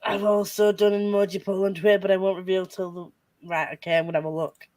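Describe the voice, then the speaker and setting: A woman's voice: mid-range voice, little pitch movement, fast, a little mellow, dry recording. A woman hosting a casual group livestream, chatty and rambling, laughing often. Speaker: host of a reading livestream.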